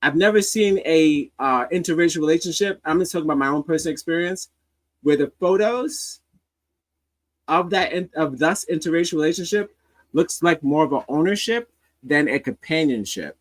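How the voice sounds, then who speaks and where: A man's voice: a little high, lively intonation, moderate pace, low-quality recording. A man hosting a casual commentary stream, reacting to social media clips in a rambling, sardonic way with many restarts.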